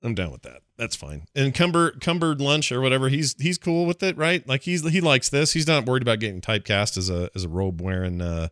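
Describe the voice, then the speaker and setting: A man co-hosting a casual movie chat, jokey and quick to laugh. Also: medium pitch, animated, fairly bright tone, no echo, studio quality. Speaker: podcast co-host.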